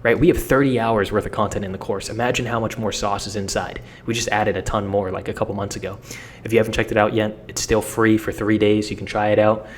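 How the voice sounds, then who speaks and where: A young man giving a casual, energetic how-to talk as a social media coach, blunt and slangy with frequent repeats. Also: lowish voice, fast, slight background noise.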